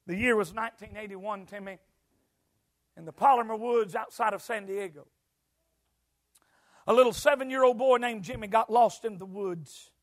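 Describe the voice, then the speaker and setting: A man preaching a sermon in a church, swinging between quiet storytelling and shouted, rhythmic climaxes. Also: high-pitched, moderate pace, long pauses. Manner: shouting, sing-song preaching cadence.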